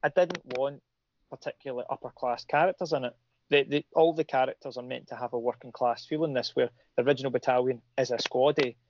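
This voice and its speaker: Talking fast in a steady, mid-range voice, a middle-aged man who creates comics chats in a loose, rambling way, restarting often and leaning on fillers. The audio is dull and lo-fi, with slight background noise.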